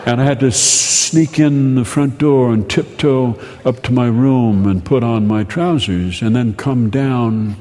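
Deadpan male storyteller in a reverberant hall. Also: mid-range voice, unhurried, hardly any pauses. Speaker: host and storyteller. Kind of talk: humorous storytelling monologue.

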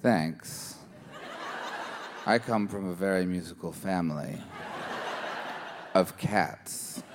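A man voicing a deadpan male house cat who calmly admits he is not nice. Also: sits low, music in the background, pitched below the performer's own voice. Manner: slow, gravelly, deadpan. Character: deep slow menacing male house cat.

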